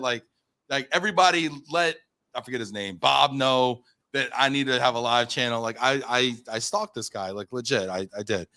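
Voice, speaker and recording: An American man in his thirties, a podcast guest telling a long personal story. He talks casually with plenty of fillers and restarts, and he acts out his own past quotes in an animated way. His voice sits in an average male pitch. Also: normal speed, smooth. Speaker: podcast guest, company founder.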